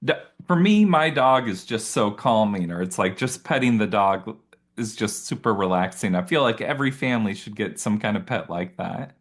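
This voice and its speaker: A man's voice: on the low side, animated, moderate pace. A man hosting a parenting podcast interview, upbeat and affirming with his guest. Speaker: podcast host.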